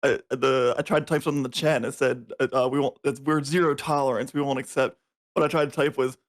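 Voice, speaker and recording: A man's voice: mid-range voice, fairly even intonation, quick pace. A young man on a podcast as a guest, chatting casually, laughing often and stumbling through his sentences. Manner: laughs often, hesitant with restarts. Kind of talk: casual chat.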